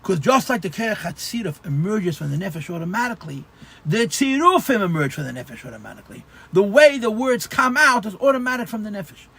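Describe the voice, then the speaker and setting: Gravelly husky rabbi expounding Chassidus. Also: male voice, high-pitched, expressive, a little fast, a bit bright. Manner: explanatory, repeats phrases, stammers restarts. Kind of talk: Torah class at a farbrengen.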